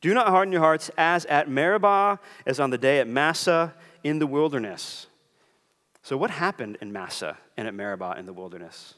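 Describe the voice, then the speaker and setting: Lively preaching man in a reverberant hall. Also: fairly high pitch, normal speed. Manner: earnest preaching, acts out quoted voices. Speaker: pastor. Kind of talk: sermon.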